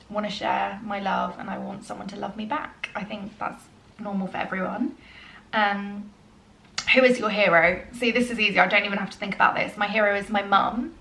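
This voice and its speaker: A young adult woman talking casually through a get-to-know-me Q&A, earnest and chatty with frequent ums, sometimes soft and emotional. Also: mid-range voice, vocal fry, roomy sound. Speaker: vlogger.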